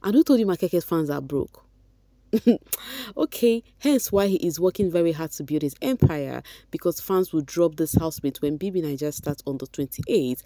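A woman's voice: deep voice, dark tone, no room sound. A woman, chatting casually as she reads viewer comments aloud and weighs in on them. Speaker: vlogger reading fan comments.

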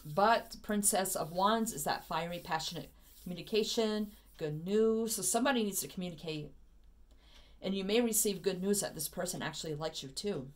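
A woman's voice: mid-range voice, normal speed. A woman doing a casual tarot reading, chatty and loose, full of fillers and easy laughs. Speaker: tarot reader.

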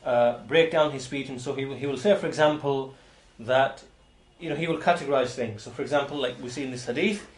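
A man lecturing as a religious teacher, his voice sitting at an ordinary middle pitch. He explains step by step, often stumbling and repeating words before going on. The recording carries a noticeable roomy echo. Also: slight background noise. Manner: halting, frequent restarts and repeated words.

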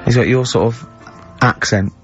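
A man hosting a radio show, chatting casually, telling stories and laughing often in high giggles. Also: normal speed, highs cut off, soft background music. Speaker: radio host.

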